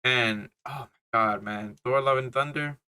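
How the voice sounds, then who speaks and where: A man's voice: medium pitch, measured pace, sharp tone, clean tone. A young man giving a casual, rambling movie review, full of slang, swearing and fillers. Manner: swears a lot, laughs, filler-heavy slang.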